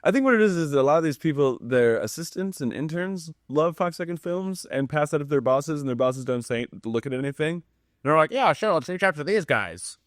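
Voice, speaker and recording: Excited man retelling funny gigs. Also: a little high, a little fast, no echo, studio quality. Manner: excited storyteller, quotes people, swears casually. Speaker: film producer guest. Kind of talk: casual chat.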